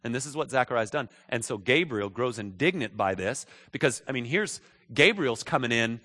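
Bright-voiced preacher in an echoey hall. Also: male voice, mid-range voice, lively intonation, normal speed. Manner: conversational, repeating phrases, checking in with listeners. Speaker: pastor. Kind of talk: sermon.

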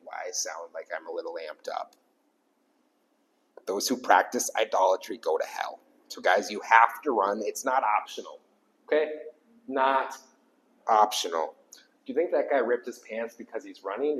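A pastor preaching an emphatic sermon to a small congregation, repeating key lines for weight. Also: male voice, lowish voice, fairly bright tone, rough recording. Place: small church gathering.

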